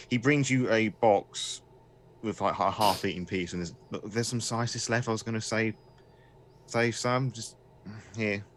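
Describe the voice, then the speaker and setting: A man's voice: fairly low pitch, a bit bright. A man narrating a tabletop game as game master, hesitant and full of fillers.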